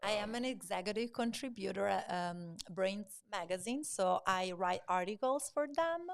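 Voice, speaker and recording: Italian-accented female guest, cheerful and eager, speaks at an average pitch. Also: expressive, moderate pace, creaky. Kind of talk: casual interview chat.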